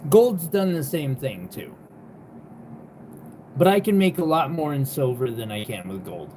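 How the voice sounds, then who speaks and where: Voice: mid-range voice, sing-song, a little slow, mellow, a little hiss or hum. A young adult jewelry seller hosting a live sale, talking in a rambling, exasperated way with lots of fillers and the odd swear word. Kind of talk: casual livestream chat.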